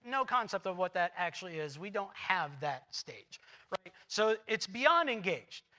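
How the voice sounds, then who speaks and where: High bright-voiced guy preaching in church, acts out the story lines, really lively. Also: unhurried. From United States. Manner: animated storytelling, acts out the characters' lines in paraphrase. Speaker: pastor. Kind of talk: sermon. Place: church sanctuary.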